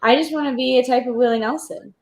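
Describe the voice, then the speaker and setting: A woman's voice: high-pitched, fairly even intonation, fast. A woman on a live-stream panel, chatting casually and cheerfully.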